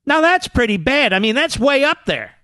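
A man's voice: very high-pitched, very animated, moderate pace, sharp tone, no room sound, studio quality. A male talk radio host delivering a combative, sarcastic political monologue, mocking his critics with impressions.

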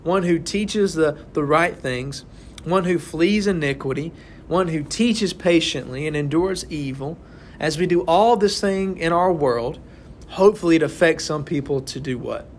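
A young man with a fairly high voice speaks a little slowly as he leads a casual Bible study. In this informal, conversational sermon to a small group, he keeps checking in with "right?". A little hiss or hum is present.

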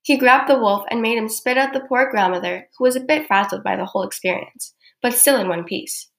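A woman narrating a children's storybook in an expressive, measured way. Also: on the high side. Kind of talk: storybook reading.

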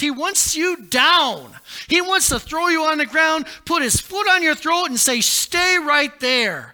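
A male pastor preaching a sermon in a dramatic way, rising to shouts and dropping low.

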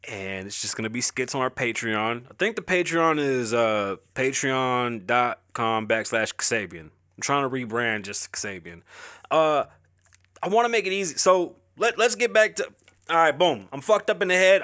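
A middle-aged man with a bright, forceful voice talks into a close, dry mic. He rambles candidly and emotionally, swearing freely as he opens up. His pitch sits in the middle of the male range. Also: dry recording. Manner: emotional, profane, rambling, confessional. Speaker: podcast host. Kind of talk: candid personal talk.

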